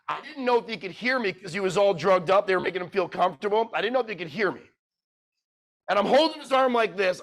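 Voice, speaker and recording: A man giving a motivational talk to a live audience. He speaks bluntly, swears freely, quizzes the crowd, and swings from loud urging to quiet, emotional storytelling. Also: high voice, expressive, fast. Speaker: keynote speaker.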